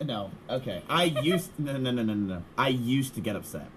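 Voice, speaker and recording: A man's voice: mid-range voice, very animated, moderate pace, a bit bright, a little hiss or hum, low-quality recording. A male streamer talking to his chat in a brash, joking way and swearing often.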